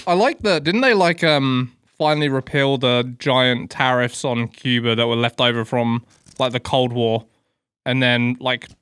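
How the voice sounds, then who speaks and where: Smooth-voiced sarcastic young guy, dry sound. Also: medium pitch, unhurried, a bit bright, no room sound. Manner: blunt, sarcastic, swears casually. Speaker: podcast co-host. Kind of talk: crude casual banter.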